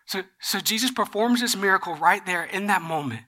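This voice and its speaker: A pastor preaching a sermon, retelling a Bible story in a casual, animated way with slangy asides. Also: medium pitch, brisk.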